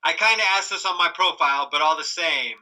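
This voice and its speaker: Bright-voiced man in easy podcast chat. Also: fairly high pitch, fairly quick, low-quality recording. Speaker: podcast co-host. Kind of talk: casual chat.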